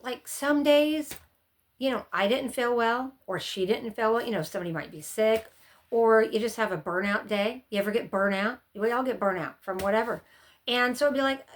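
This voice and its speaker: Chatty middle-aged woman, fairly high voice. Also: moderate pace. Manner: chatty and rambling, often acts out her own past panics. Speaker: homeschooling mom giving advice. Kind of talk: casual advice chat to camera.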